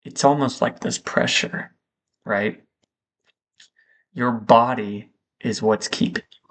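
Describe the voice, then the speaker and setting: A man thinking aloud in a reflective vlog monologue, slow and halting, with frequent pauses. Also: mid-range voice, fairly even intonation, creaky, fairly bright tone. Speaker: vlogger.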